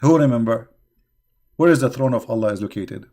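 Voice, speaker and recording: A man's voice: mid-range voice, brisk, mellow. A man hosting an online religious debate who mocks, laughs at his own jokes and keeps throwing rhetorical questions at his listeners, speaking with non-native grammar. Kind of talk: sarcastic religious debate talk.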